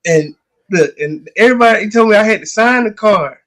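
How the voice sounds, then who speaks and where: Man, slightly raised pitch, animated storyteller, slangy casual sports chat. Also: a little fast, low-quality recording. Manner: animated storyteller who acts out dialogue. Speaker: podcast co-host.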